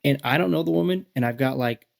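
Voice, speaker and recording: A man's voice: fast talker, gravelly. A man in his thirties, a podcast guest, telling stories in a rambling, casual way full of fillers and acted-out quotes. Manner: rambling, filler-heavy, acts out quoted people in high voices. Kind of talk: casual storytelling chat.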